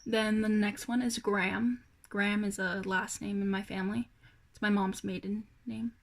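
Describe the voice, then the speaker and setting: A woman's voice: medium pitch, flat delivery, moderate pace, vocal fry. A young woman rambling through a casual personal vlog, hesitant, with many fillers and sighs. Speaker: vlogger.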